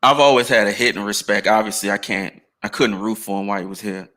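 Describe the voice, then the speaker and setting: A man's voice: lowish voice, fast, pushed and bright. An American man chatting casually on a podcast, telling stories in a laid-back, slangy way. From United States. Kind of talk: casual chat.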